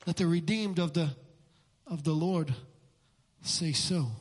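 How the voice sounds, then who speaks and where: Fervent high-voiced pastor in a reverberant church. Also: male voice, slow. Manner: fervent, repetitive preaching that builds to shouts. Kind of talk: sermon. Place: church sanctuary. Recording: long hall reverb in a church.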